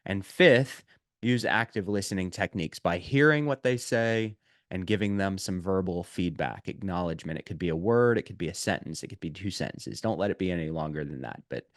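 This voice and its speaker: A man with a fairly low voice delivers a sales prospecting lesson straight to camera. He talks emphatically, stacking repeated words for stress and filling gaps with "uh" and "um". The sound is dry and close, with no room echo. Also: a little fast. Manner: emphatic, repeats key points, frequent "uh" and "um". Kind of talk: instructional video lesson.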